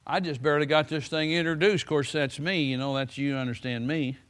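A man's voice: on the high side, steady tone, a little fast, fairly bright tone. A man preaching a sermon in a folksy way, stretching words for emphasis and breaking in with "hallelujah.". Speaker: pastor.

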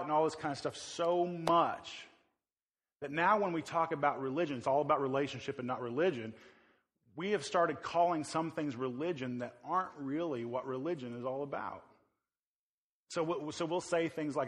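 A man preaching a sermon as pastor, conversational and emphatic, turning forcefully insistent. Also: fairly high pitch, normal speed. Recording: long hall reverb.

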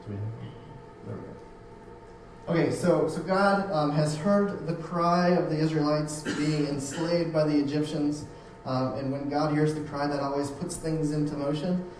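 Guy preaching a sermon, kinda high mellow voice, keeps restarting sentences, big echoey hall. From United States. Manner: conversational, repeats words and restarts often. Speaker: pastor. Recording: very echoey room, voice from a distance, faint hum.

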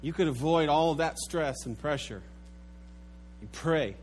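A man preaching a sermon, telling an animated story and dropping low and soft for the sad parts. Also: a little slow, slight background noise. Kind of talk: sermon with a told joke.

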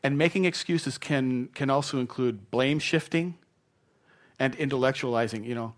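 Preaching at normal speed and medium pitch, a middle-aged man voices the excuses and apologies he quotes, changing his delivery in lively ways throughout his sermon.

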